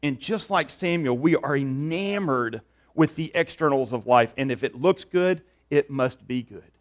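A man's voice: medium pitch, unhurried. A man preaching a conversational sermon as a pastor, often repeating words as he goes.

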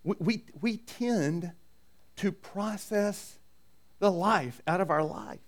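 A man's voice: sits high, slow. Conversational male pastor preaching. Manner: conversational, acts out quoted voices, repeats "right?". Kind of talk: sermon.

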